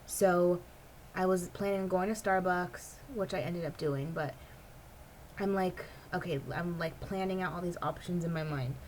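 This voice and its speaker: A woman talking casually to her camera as a vlogger, with a somewhat low voice. She rambles from thought to thought and leans on "like" constantly. Faint noise sits behind her. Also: steady tone, normal speed, darkish tone, poor audio. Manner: rambling, heavy use of "like". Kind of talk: casual personal chat to camera.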